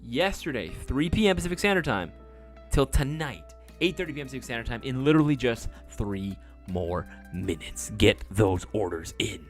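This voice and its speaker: A man with a mid-range, sing-song voice hosts a casual livestream at a moderate pace, with soft music playing in the background. He's chatty and hyped, reading viewer comments aloud and swearing casually.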